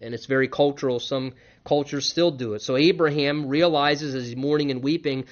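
A man's voice: medium pitch, steady tone, a little fast, few pauses. Earnest preaching man, dull lo-fi recording. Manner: earnest, swings between hushed and emphatic. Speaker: pastor. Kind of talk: sermon.

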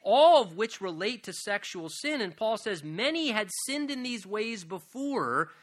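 Lively, bright-voiced male preacher. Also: high voice, measured pace. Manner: earnest preaching, rising to emphatic appeals. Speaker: pastor. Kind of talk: sermon.

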